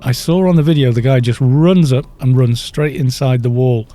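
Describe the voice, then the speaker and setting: Mellow-voiced man rambling while gaming. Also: mid-range voice, moderate pace, soft background music. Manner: rambling, chatty storytelling between game remarks. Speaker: game streamer. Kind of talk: casual live-stream chat while gaming.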